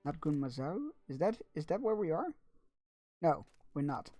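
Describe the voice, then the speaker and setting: Male streamer, casual rambling game commentary, slightly high voice, music underneath. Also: sing-song, normal speed, dark tone, dry recording. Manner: rambling, stumbling restarts, chatting with viewers.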